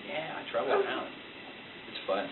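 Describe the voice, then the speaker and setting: A man who tells stories for a living talks in a playful, animated way. He sits at some distance from the mic in an echoey library. The sound is thin and phone-like, with steady background noise. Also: moderate pace. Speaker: storyteller being interviewed. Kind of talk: casual interview answers. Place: school library. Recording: tinny, distant, echoey and noisy.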